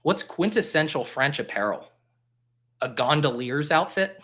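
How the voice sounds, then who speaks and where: A man hosting a live stream, making casual commentary full of jokes and quick exclamations. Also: on the high side. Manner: animated, joking, quick exclamations. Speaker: livestream host.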